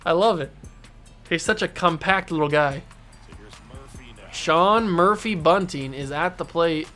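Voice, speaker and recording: A man hosting a gaming channel, giving excitable play-by-play commentary on his own baseball video game, talking to himself and to the game as he plays. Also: on the high side, a little slow, pauses often, soft background music.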